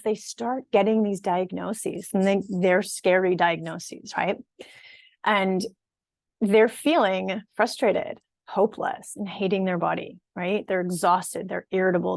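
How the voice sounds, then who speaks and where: A woman coach talks viewers through a workshop in a friendly, conversational way, often tossing in "right?" and "okay?". Her voice sits at a middle pitch. The sound is dry, with no room echo. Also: creaky, a little mellow. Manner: empathetic and encouraging, with occasional laughs. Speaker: fitness and nutrition coach. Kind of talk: online workshop talk to viewers.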